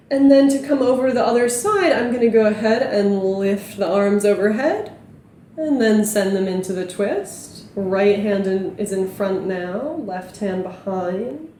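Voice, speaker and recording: Calm woman guiding a yoga class. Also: medium pitch, a little slow, reverberant, a little hiss or hum. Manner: calm, gentle cueing of breath and movement. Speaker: yoga instructor. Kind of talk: guided yoga class instruction.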